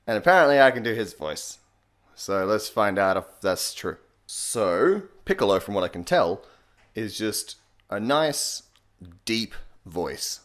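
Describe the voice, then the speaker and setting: A young man hosting a comedic voice tutorial, sarcastic and deadpan, swearing casually. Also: fairly low pitch, unhurried. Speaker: comedy YouTuber.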